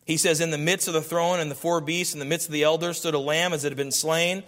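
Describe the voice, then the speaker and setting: Male preacher, sermon, reads scripture, emphatic repeated phrases, bright forceful tone, long hall echo. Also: on the high side, fairly even intonation, fast. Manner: reads scripture aloud and builds emphatic rising lists.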